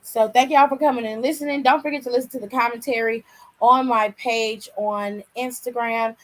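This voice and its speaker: A woman's voice: fairly high pitch, steady tone, moderate pace, rough recording. A woman hosting a wrestling channel, chatting casually and slangily with viewers on a live stream while tired and yawning.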